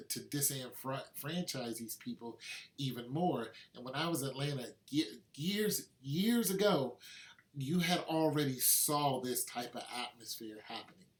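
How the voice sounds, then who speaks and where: A man's voice: medium pitch, a bit bright. Man vlogging in a loose, rambling way. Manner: conversational, rambling, with asides. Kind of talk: casual monologue to camera.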